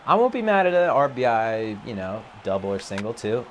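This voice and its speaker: Excitable man streaming a baseball game. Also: brisk, hardly any pauses, slight background noise. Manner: excitable, pitch jumps high when worked up. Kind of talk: live gameplay commentary. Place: empty office.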